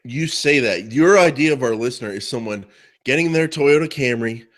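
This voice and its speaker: A man's voice: medium pitch, normal speed. A man on a podcast spins a teasing, jokey story in loose, casual talk. He ribs his co-host as he goes and sounds at ease. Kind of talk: casual chat.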